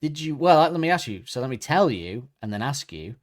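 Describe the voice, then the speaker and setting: A man's voice: mid-range voice, sing-song, brisk, hardly any pauses. A man hosting a casual music podcast, quizzing his co-host and reading out facts.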